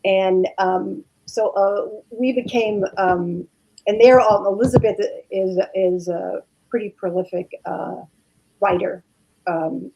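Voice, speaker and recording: A middle-aged actress chatting as a podcast guest, rambling with many fillers. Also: female voice, medium pitch, slow pace, dull audio, noisy background. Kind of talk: casual podcast chat.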